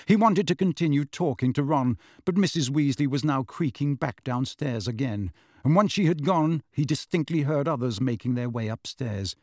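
Expressive man narrating a storybook. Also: mid-range voice, moderate pace, no echo, studio quality. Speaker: audiobook narrator. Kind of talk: scripted narration.

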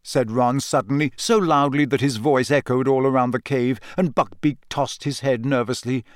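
A man's voice: medium pitch, steady tone, normal speed, dry recording. A man narrating a storybook, reading in a close, studio-like setting. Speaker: audiobook reader.

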